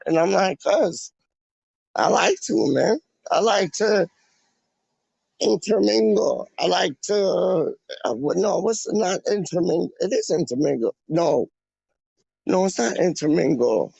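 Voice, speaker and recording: Young man, gravelly, fairly high voice, loose slangy livestream chatter, dry dull phone mic. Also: animated, a little slow, a little mellow, no echo. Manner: slangy, rambling, drops fillers like "man" and "dog". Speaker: streamer. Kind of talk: casual street livestream.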